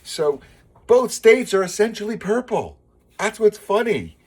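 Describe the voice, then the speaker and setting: A man's voice: high-pitched, expressive, a little slow, background noise. A man from Long Island, New York, talking in a casual, rambling vlog monologue, opinionated and digressive, often restarting his sentences. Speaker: vlogger.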